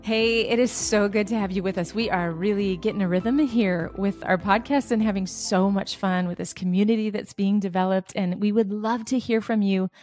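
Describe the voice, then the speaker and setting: Animated woman telling a story. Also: mid-range voice, normal speed, hardly any pauses, soft background music. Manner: animated storyteller who acts out quotes and laughs. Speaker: podcast co-host. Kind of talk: casual faith podcast chat, storytelling.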